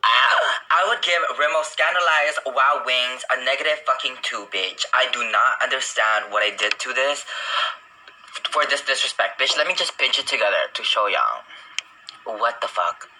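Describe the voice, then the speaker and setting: A man's voice: mid-range voice, expressive, normal speed, bright, forceful tone, low-quality recording. A man talking casually through his makeup routine in a sassy, profane, exclamatory way. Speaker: beauty vlogger. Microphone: phone close up. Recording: phone story audio with background noise.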